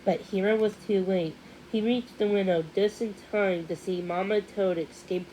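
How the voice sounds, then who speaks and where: A woman reads a children's storybook aloud in a steady, gentle way, stumbling now and then and restarting a word. Her voice sits at a middling pitch, and a faint hiss lies beneath the reading. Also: normal speed, few pauses, rough recording. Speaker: storybook reader. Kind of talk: read-aloud storybook narration.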